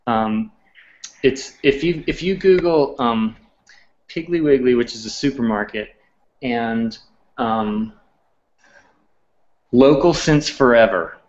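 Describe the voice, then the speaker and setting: A man's voice: mid-range voice, slow pace, pauses often. A man from Charleston, a cookbook author guest, chatting casually with many restarts, fillers and chuckles. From Charleston, South Carolina, US. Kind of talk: casual chat. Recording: lo-fi live stream audio.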